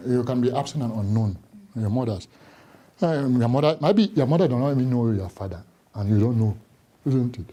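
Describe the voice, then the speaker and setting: A man's voice: mid-range voice, a little mellow. A man, a Catholic priest talking on a live studio show, emphatic, repeating words and asking rhetorical questions. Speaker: Catholic priest and book author, studio guest.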